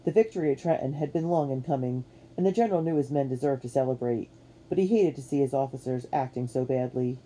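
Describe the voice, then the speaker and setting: A woman giving a measured, expressive narration of a children's storybook. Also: very deep voice. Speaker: audiobook narrator.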